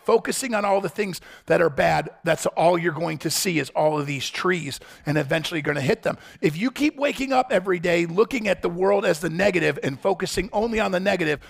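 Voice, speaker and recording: A man preaching a sermon as pastor, impassioned, swinging between loud pleading and low, quiet quoting. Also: vocal fry, slightly rough, no room sound.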